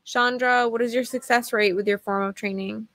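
A woman co-hosting a live show, reading viewer comments and questions aloud in a brisk, matter-of-fact way. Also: fairly high pitch, steady tone, a bit bright, no echo.

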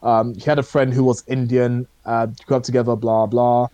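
A man's voice: mid-range voice, flat delivery, normal speed, mellow, no echo, highs cut off. A man co-hosting a podcast, chatting casually about shows he watched, rambling and hesitant with many fillers. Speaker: podcast co-host. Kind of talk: casual chat reviewing shows.

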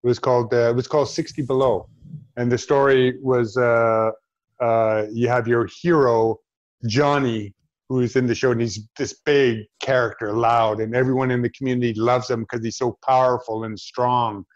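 A man's voice: medium pitch, flat delivery, lo-fi sound. Reflective man telling a story. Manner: reflective, halting with restarts. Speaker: interview guest, actor. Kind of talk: storytelling in conversation.

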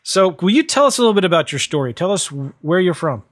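A man's voice: high-pitched, sing-song, fast talker. A man hosting a podcast, chatty and upbeat, promoting his book and interviewing a guest. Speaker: podcast host.

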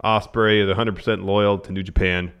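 A man with a low voice co-hosts a casual podcast in a dry, laid-back manner. He reads quoted reports flatly between quips. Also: a little fast, clean tone. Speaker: podcast co-host. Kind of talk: casual chat.

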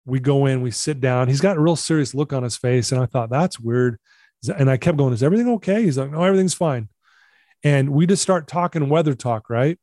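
A man's voice: medium pitch, a little fast, warm tone, no echo, studio quality. A man telling a personal story as a podcast guest, earnest and confessional, acting out the dialogue he quotes. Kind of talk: storytelling interview.

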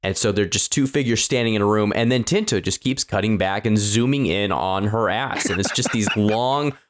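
Low-voiced man chatting about films. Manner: relaxed, halting with repeats. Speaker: podcast co-host. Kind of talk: casual film review chat.

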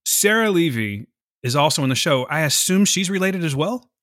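A man hosting a podcast in casual chat, groggy from just waking up, quick and chatty. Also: fairly high pitch, expressive, a bit bright, dry recording, clean studio sound. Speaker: podcast host.

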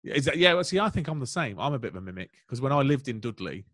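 A man chatting as a guest comedian on a casual podcast, quick and chatty, often breaking into laughter. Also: mid-range voice, very animated, a bit bright, no echo, studio quality. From England.

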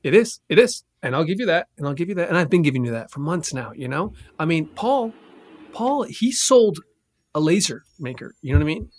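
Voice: mid-range voice, big pitch swings, brisk. A performer voicing an evasive male store boss who hesitates, repeats himself and trails off. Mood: awkward.

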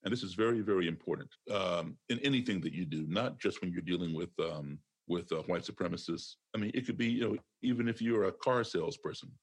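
A man's voice: low-pitched, a little fast, hardly any pauses. A man speaking as a podcast guest, emphatic and lecturing, repeating his key phrases as he makes a point. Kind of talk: conversational interview.

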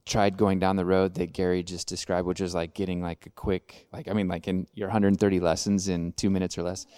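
A very deep male voice telling a story casually, with plenty of filler words. It is dry and close, with soft guitar playing behind. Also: no room sound. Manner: casual, lots of "like". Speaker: panel member.

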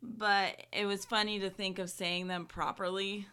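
A bright-toned woman in casual conversation, leaning on "like" as she talks and giggling often. Her voice sits at an ordinary pitch and carries a clear, forward edge. She comes across as a relaxed podcast co-host. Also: measured pace. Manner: chatty, giggly, many "like" fillers. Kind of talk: casual chat.

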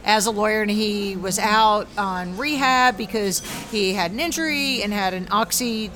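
A woman hosting a casual chat, lively and excitable, with quick asides. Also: medium pitch, a little hiss or hum. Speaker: host.

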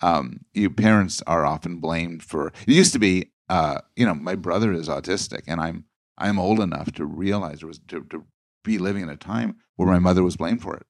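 A man talking as the guest expert in a casual discussion, thoughtful and halting, often repeating words as he thinks. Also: low-pitched, creaky, no echo, clean studio sound.

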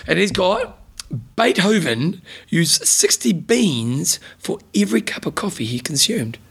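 A man's voice: sits high, very animated, a little slow, vocal fry, a bit bright, breathy edge. A man co-hosting a podcast, chatting casually and laughing often. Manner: laughs often, jokey banter. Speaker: podcast co-host. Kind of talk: casual chat.

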